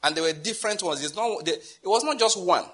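Nigerian pastor with husky bright voice. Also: male voice, sits high, animated, brisk. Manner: conversational preaching with repetitions and chuckles. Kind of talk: sermon.

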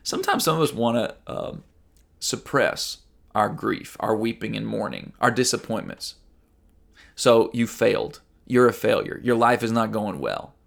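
A man's voice: on the low side, expressive, unhurried, creaky, fairly bright tone. A man preaching a sermon as a pastor, earnest and conversational, reading Bible passages and mimicking people.

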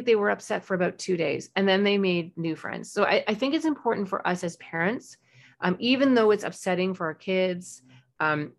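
A woman in her forties hosting a parenting podcast, giving casual, chatty advice and acting out examples in a bright, excited voice. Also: creaky. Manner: warm, chatty advice with animated, high-pitched acted-out examples.

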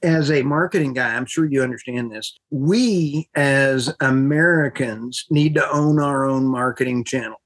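A woman hosts a podcast in a husky, slightly raspy voice. She rambles excitedly from point to point, often getting worked up mid-sentence. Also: a bass voice, a little slow, few pauses. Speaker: podcast host. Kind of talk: casual podcast chat.

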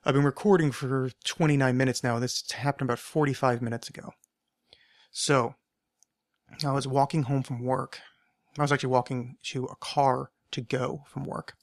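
A young man in a solo podcast wanders through a long story, stopping to correct himself and circle back. His voice sits at a middle pitch and comes through dry and close on the mic. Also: flat delivery, moderate pace, no room sound. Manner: rambling, self-correcting anecdotes. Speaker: podcast host.

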